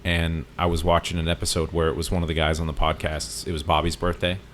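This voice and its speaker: A man's voice: very deep voice, monotone, quick pace, slight background noise. A man co-hosting a podcast, retelling a story in a casual, rambling way with lots of fillers and restarts. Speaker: podcast co-host.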